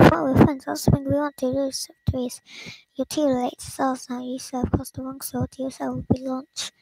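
A woman's voice: sits high, creaky, dark tone, poor audio. A woman host casually reading a film script aloud, stumbling and restarting, sometimes dropping to a whisper. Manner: stumbling read-through with restarts and whispered asides. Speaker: channel host.

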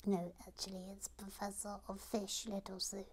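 A woman's voice: medium pitch, monotone, normal speed, slight background noise, natural voice. A woman voicing a fussy, self-important female professor who insists on her proper title, in whispered role-play. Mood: prim.

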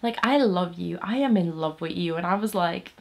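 A woman's voice: fairly low pitch, expressive, normal speed, gravelly. A young woman from Latvia chatting casually while doing her makeup, swearing freely and saying "like" a lot. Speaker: beauty vlogger.

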